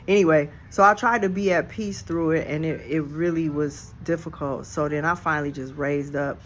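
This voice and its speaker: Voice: mid-range voice, fairly even intonation, moderate pace, a bit bright, a little hiss or hum. A storyteller telling a real-life story in a casual, reflective, slangy way, recorded outdoors on a handheld phone. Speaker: storyteller vlogger. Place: outdoors on a porch. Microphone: phone held in hand.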